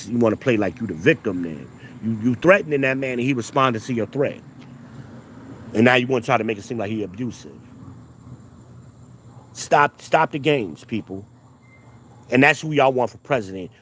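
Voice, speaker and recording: A man, a father of two daughters, delivering a casual, heated rant, emphatic and repetitive, often rising in pitch. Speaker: commentator.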